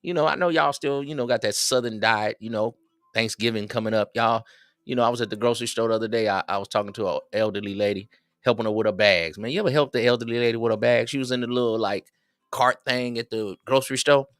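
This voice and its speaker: A man's voice: medium pitch, steady tone, fast, a bit bright, no echo, clean studio sound. A man hosting a livestream, rambling casually and chatting with his viewers in a streetwise manner. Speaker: livestream host.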